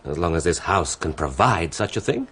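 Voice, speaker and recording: An actor playing a boastful, hearty French hussar captain in a radio drama, theatrical and quick to laugh. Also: male voice, sits low, very animated, fairly bright tone, breathy edge, full character voice. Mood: genial.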